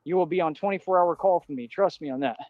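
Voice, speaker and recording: A man's voice: fairly high pitch, fast, no room sound, phone-quality sound. A man delivering a defiant, repetitive livestream rant in casual street slang. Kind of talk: ranting livestream monologue.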